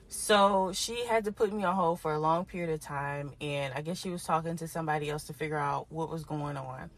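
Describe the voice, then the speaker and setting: A woman with a fairly low voice tells a long story on her podcast. She is animated and exasperated, and she turns aside to talk to her listeners as she goes. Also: brisk, hardly any pauses. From Houston. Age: adult parent. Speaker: podcast host. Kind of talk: casual storytelling monologue.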